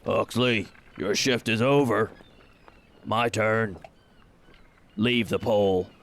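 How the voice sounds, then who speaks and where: A man voicing a scarred male half-orc barge guard with a deep voice and blunt, slow demands. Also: fairly even intonation, fairly bright tone. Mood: gruff.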